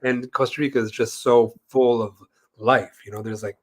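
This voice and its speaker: A man co-hosting an interview show tells a long story in casual chat, rambling along with plenty of "like" and "you know" and acting out the voices of people he quotes. His mid-range voice holds a steady tone at a moderate pace.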